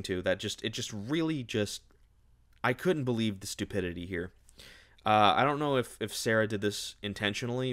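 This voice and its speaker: A man's voice: lowish voice, a bit bright. A young man giving a casual, sarcastic, exasperated book review, ranting and mocking as he retells the plot.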